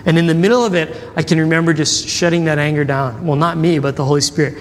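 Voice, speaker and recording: Animated male preacher in a reverberant hall. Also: fairly high pitch, quick pace, few pauses, slight background noise. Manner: animated storytelling, acts out quotes, asks audience questions. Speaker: pastor. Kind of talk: sermon.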